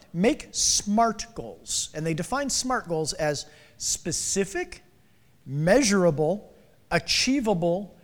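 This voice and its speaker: High-voiced playful pastor in a hall. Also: male voice. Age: 40s. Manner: playful, calls on the congregation by name. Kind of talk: interactive sermon. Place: church sanctuary. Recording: reverberant hall.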